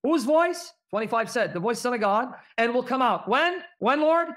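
A man's voice: very high voice, expressive, a little fast, fairly bright tone. Emphatic man reading and arguing scripture. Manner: emphatic, asks the audience rhetorical questions. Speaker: Christian apologist. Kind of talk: apologetics teaching with scripture reading.

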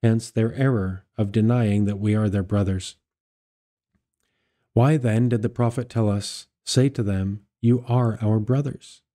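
A man reading scripture and a church father's discourse aloud as a liturgical reader, measured and steady, correcting himself now and then. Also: on the low side.

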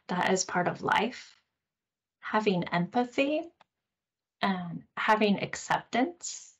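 Gentle woman teaching mindfulness. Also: medium pitch. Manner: gentle, explaining, frequent "right?" tag questions. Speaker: podcast host and course teacher. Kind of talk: teaching a recorded course talk.

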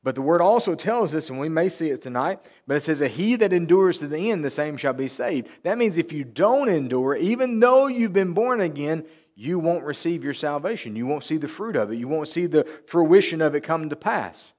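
Male pastor preaching, emphatic and repetitive, voice sitting a little high, slow on scripture quotes. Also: animated, a little mellow. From Tennessee. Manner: emphatic preaching, repeats key phrases, quotes scripture slowly. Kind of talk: sermon. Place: church sanctuary.

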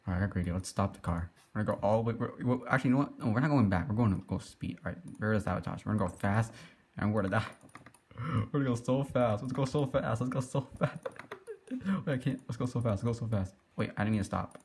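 A young man giving excitable, giggly play-by-play commentary as he teases other players in an online game. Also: fairly low pitch, fast, slightly rough. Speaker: gaming YouTuber. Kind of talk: casual Let's Play commentary.

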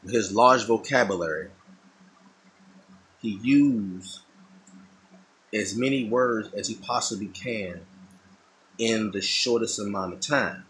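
Man, middle-aged, lowish pitch, casual monologue, thoughtful, restarts phrases. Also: slow, pauses often, a bit bright, slight background noise, rough recording. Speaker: artist talking while drawing.

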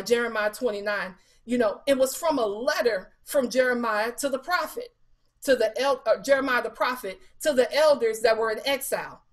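A woman evangelist delivering a sermon at a Bible study, quoting scripture and asking the listeners rhetorical questions in a casual, colloquial way. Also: a little high. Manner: animated preaching with scripture quotes and rhetorical questions; casual colloquial speech with fillers.

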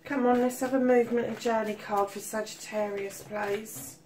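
A woman's voice: on the high side, fairly even intonation, moderate pace, darkish tone. A woman giving a casual tarot reading, swearing freely and calling listeners darling. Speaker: tarot reader.

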